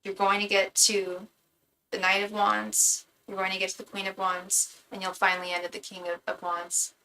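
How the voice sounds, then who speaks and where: A woman's voice: medium pitch, completely flat delivery, moderate pace, pushed and bright, a little hiss or hum, rough recording. A woman tarot reader giving a live reading to her chat in a casual, chatty way, often stumbling and repeating words as she talks.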